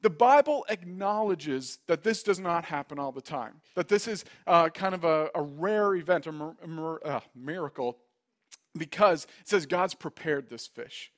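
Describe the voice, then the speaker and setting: A man's voice: a little high, expressive, normal speed. A man who is a pastor, preaching a sermon and telling a story, acting out the voices in it. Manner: storytelling, acts out quoted voices.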